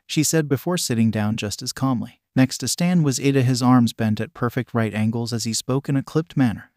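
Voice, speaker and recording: A man narrating a fan fiction story in a steady, even reading voice. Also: medium pitch, brisk, few pauses, no echo, clean studio sound. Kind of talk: fanfic audiobook reading.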